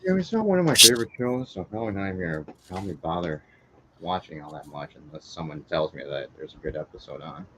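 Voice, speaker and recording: A man chatting casually while opening trading card packs, offhand and relaxed. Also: low voice, quick pace, slight background noise, poor audio. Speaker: co-host. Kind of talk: casual chat.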